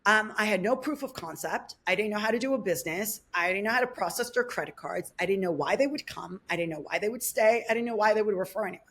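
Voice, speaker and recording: Quick, animated woman telling her story. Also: medium pitch, husky. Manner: acts out other people's words in shifting voices. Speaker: life coach and podcast guest. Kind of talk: casual storytelling interview.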